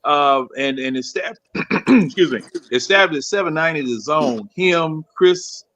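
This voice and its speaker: A man co-hosts a loose sports talk show with a bright, slightly high voice. He rambles and circles around his point in quick bursts. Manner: rambling, lots of fillers and restarts, quick. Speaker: podcast co-host.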